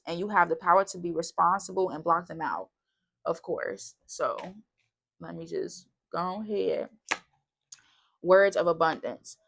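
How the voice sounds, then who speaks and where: A woman's voice: fairly low pitch, creaky, fairly bright tone. A woman giving a casual tarot reading, chatty and bubbly, wandering off on tangents. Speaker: tarot reader.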